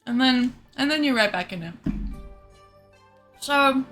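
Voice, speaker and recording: A woman streamer talks to her chat in a bright, sharp voice that sits a little high. She tells her story in an animated way, swears freely and acts out other people's lines. Faint music plays softly in the background. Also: unhurried.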